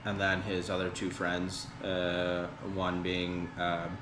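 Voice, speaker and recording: A deep-voiced man chats on a podcast and drifts through a long story full of ums and likes. The room is echoey, with a clear layer of background noise under him. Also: monotone, takes it slowly. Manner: rambling, many fillers, retelling band history. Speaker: podcast host. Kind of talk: casual podcast chat.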